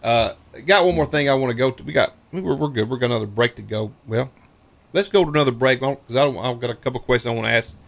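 Guy hosting sports talk radio, talks quick n chatty, regular mid voice. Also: mid-range voice, gravelly. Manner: fast-talking, chatty, with restarts. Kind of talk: radio interview.

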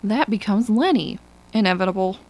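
A woman's voice: medium pitch, expressive, a little mellow. Woman voicing an impatient muttering male mathematician. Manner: hurried, muttering.

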